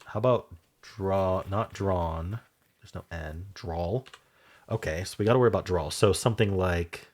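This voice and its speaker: A man hosting a word-puzzle video, thinking aloud as he solves it, spelling out letters and trailing off softly, with keyboard typing behind him. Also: low-pitched, moderate pace. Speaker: Wordle video host.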